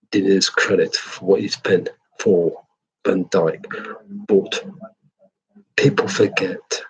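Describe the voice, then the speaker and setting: A man's voice: fairly low pitch, husky, low-quality recording. An English man giving an opinionated, rambling football match review, swearing freely. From England.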